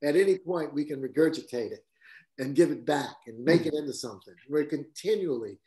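A man whose voice sits somewhat high for a man speaks as a guest cinematographer before a class. He tells stories casually and keeps them lively. He laughs easily and acts out the lines of the people in them. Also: brisk. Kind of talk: casual anecdotal storytelling.

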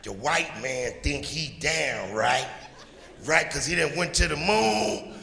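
A comedian acting out a drunk man boasting about big plans in a slow, slurred drawl. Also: fairly high pitch, lively intonation, vocal fry, sharp tone, heavily acted. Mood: boastful. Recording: echoey live hall with noise.

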